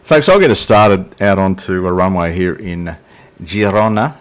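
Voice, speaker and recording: A man's voice: sits low, animated, a little slow, smooth. A middle-aged man hosting a flight sim video, chatty and self-deprecating, joking with a silent co-pilot as he flies. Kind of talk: casual gameplay commentary.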